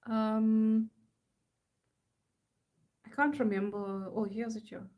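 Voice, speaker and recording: A woman's voice: fairly high pitch, steady tone, slow, lo-fi sound. Playful woman chatting. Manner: playful, reads signs in a mock-serious chant. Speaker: artist live-streaming. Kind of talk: casual chat while making art.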